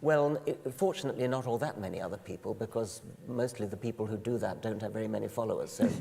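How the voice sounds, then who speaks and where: Gravelly man explaining on a hall stage. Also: lowish voice, fast, mellow. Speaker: guest speaker. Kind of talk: onstage conversation. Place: large auditorium with audience. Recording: long reverb of a large hall.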